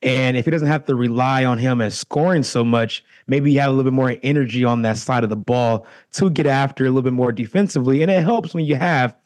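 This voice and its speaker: A man co-hosts a casual sports podcast and breaks down the game in an even, agreeable way. His points come in a measured, thoughtful flow. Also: mid-range voice. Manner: steady, agreeable, analytical. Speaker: podcast co-host.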